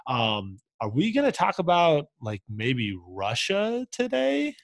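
A man co-hosting a podcast, teaching history in a relaxed, rambling way with lots of fillers, on a close mic. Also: on the high side, slow, creaky, no room sound. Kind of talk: casual podcast chat.

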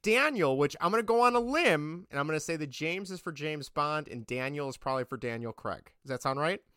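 Bright, clear-voiced chatty podcast host. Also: male voice, a little high, animated, no echo, clean studio sound. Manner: chatty, rambling, quick to laugh. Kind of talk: casual sports podcast chat.

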